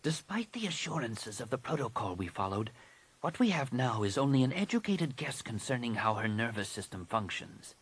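A man's voice: medium pitch, big pitch swings, moderate pace, breathy edge, pitched above the performer's own voice. A man voicing a cautious alien apprentice woman. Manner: careful and deferential. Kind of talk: audiobook reading.

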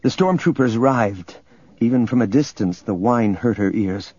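A man narrating an audiobook in a steady, measured reading. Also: medium pitch, breathy edge, no room sound, dull audio. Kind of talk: scripted narration.

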